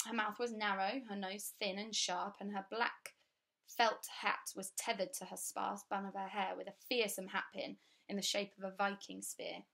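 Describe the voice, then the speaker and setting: A woman reading a children's story aloud with clear, steady, expressive storytelling. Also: medium pitch, moderate pace. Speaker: audiobook reader.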